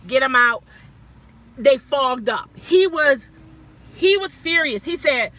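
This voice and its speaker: A woman telling a story casually as a vlogger, animated, acting out the people she quotes. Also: high-pitched.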